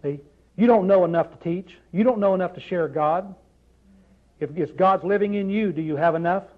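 A man's voice: high voice, normal speed, phone-quality sound. A man preaching a sermon in a conversational way, often asking the congregation rhetorical questions.

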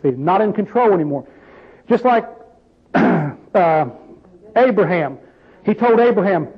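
A man's voice: sits high, big pitch swings, a little slow, long pauses, slightly rough, lo-fi sound. A man preaching an informal Bible-study sermon, folksy and plain-spoken, asking his group questions as he goes.

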